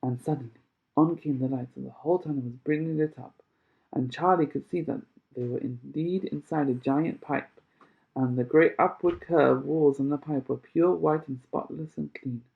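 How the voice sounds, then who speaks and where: A man reading a children's novel aloud chapter by chapter, with expressive storytelling. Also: fairly high pitch, moderate pace, vocal fry. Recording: tinny phone-like sound.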